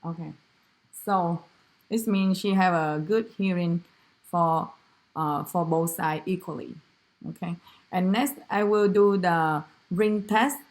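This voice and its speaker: A woman with a Vietnamese first language, narrating a clinical exam demonstration as a student, halting, with many fillers and self-corrections. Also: lowish voice.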